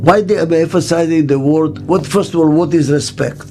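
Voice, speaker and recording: An older man giving an interview as a business consultant, speaking slowly and emphatically and repeating key words for stress. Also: fairly high pitch, darkish tone. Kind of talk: reflective interview monologue. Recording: faint music underneath.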